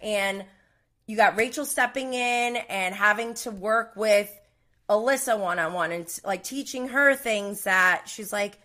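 A woman's voice: medium pitch, a little slow, sharp tone. A woman hosting a casual live recap show, chatty and opinionated. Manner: chatty, opinionated, mimics people she quotes.

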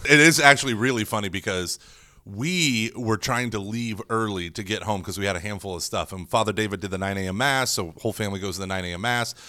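A man's voice: lowish voice, quick pace, bright, forceful tone, dry recording, clean studio sound. A man from a parish staff co-hosting a podcast, joking and laughing easily. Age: adult with a young child. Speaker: parish director of evangelization, co-host. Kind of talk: casual podcast chat.

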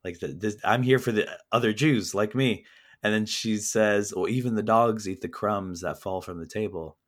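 Low-voiced man speaking earnestly. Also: normal speed. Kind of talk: conversational interview.

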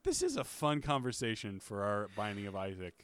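A man co-hosting a casual podcast about a video game, making deadpan jokes. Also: fairly low pitch, brisk, crowd noise. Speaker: podcast co-host. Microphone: studio microphone with headphones.

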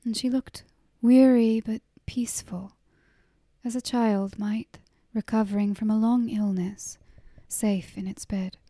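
Woman, storybook narrator, hushed, half-whispered, mellow, dry close mic. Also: a little high, fairly even intonation, unhurried, no echo. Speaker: audiobook narrator. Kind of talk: soft-spoken storybook narration.

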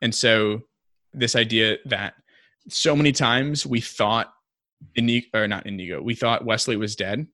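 A young man co-hosts a casual podcast discussion in a fairly low, steady, sharp-toned voice, speaking unhurriedly. He is chatty, full of "like" fillers and restarts, and acts out quotes, with a dry, clean studio recording.

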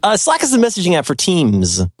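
A man's voice: sits high, huge pitch swings, fast talker, no echo, studio quality. A man hosting a casual podcast, rambling and self-deprecating, laughing often as he reads a sponsor spot. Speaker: podcast host.

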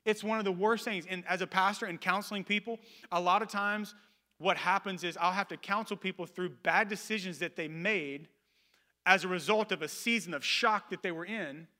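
Male pastor, 30s, sermon, high voice, bright and forceful tone, rises to loud calls and drops to quiet asides. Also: normal speed. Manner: animated preaching that swings between loud emphatic calls and soft low asides.

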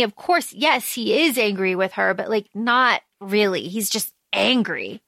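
A woman co-hosting a podcast, casually recapping a story in an animated way and half acting out the lines as she goes. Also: mid-range voice, a little slow, vocal fry, no echo, studio quality. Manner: animated retelling, acts out lines in passing. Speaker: podcast co-host.

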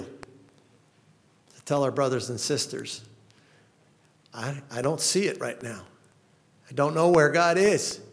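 A man's voice: medium pitch, a bit bright. A male pastor preaching a sermon in an earnest manner, reading laments with rising passion.

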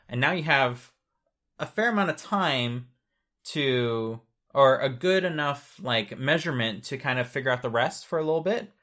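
A man's voice: medium pitch, moderate pace, fairly bright tone. A man casually explaining how data is sent over cables, patient and chatty, with many fillers.

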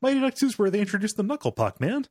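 A man's voice: high-pitched, very animated, very fast, darkish tone, no room sound. A man co-hosting a podcast in casual chat, joking and laughing a lot in punchy banter. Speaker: podcast co-host.

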